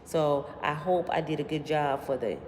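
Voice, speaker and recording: A woman hosting a livestream, telling stories straight to her viewers in an animated, slangy way. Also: deep voice, normal speed. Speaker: livestream host. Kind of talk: casual storytelling to live viewers. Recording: long room reverb, faint background noise.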